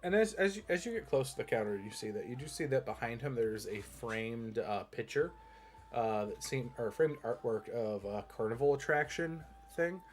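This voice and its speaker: A man's voice: mid-range voice, animated, moderate pace. A man narrating a tabletop game as game master, rambling descriptions with frequent restarts. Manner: meandering, many fillers and restarts.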